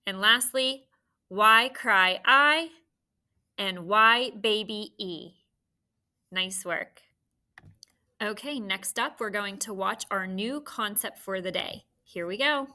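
A woman's voice: mid-range voice, sharp tone. A woman teacher leading a phonics sound drill for third graders, calling out letters and key words one by one. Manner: slow, clear call-and-response drilling. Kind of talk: classroom video lesson, phonics drill.

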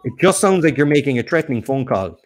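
Teasing quiz co-host. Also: male voice, mid-range voice, sing-song, fast. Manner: teasing, rambling, many restarts. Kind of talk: casual live-stream chat.

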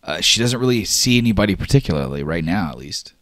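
A man's voice: deep voice, animated, fast, a bit bright, no room sound. A man narrating a tabletop game as game master, in a casual, rambling way with many fillers.

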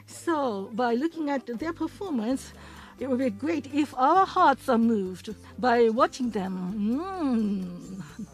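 A woman giving a simultaneous English interpretation of a program, halting often with fillers as she keeps up. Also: on the high side, expressive, poor audio. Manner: halting, with frequent pauses and fillers.

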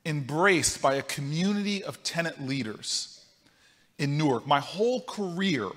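A man giving a speech to a live conference audience, telling a story with animated swings between loud and soft. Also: on the high side, unhurried. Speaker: speaker at a conference. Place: large conference hall. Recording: reverberant hall.

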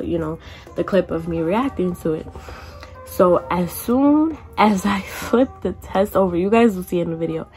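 A woman's voice: lowish voice, gravelly, darkish tone. A young woman vlogger telling a casual storytime, chatty, with lots of "like" and some casual cursing. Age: young adult.

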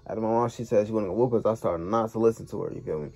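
Husky young man telling a story. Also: fairly low pitch, very fast, warm tone. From Chicago. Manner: slangy, loose, repeats "you feel me". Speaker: storytime vlogger. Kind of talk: casual storytelling to camera.

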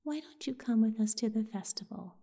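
A woman voicing a friendly male monkey man in a whispered storybook role-play, soft and welcoming. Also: fairly high pitch, fairly quick.

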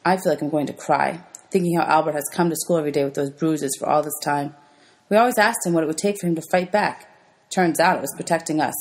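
A woman teacher reading a children's novel aloud to her students in a gentle, clear storybook manner. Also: sits low.

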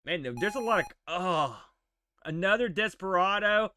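Playing a retro game on a live stream, a man gives casual, animated commentary, exclaiming and joking at the game. His voice is high, at normal speed.

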